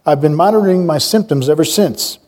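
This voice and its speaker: A man's voice: a little high, a little fast, a little mellow, lightly acted. A man voicing a skinny, chatty young male traveler who muses wryly, without putting on an accent. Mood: recounting. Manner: chatty, musing, plain voice with no accent.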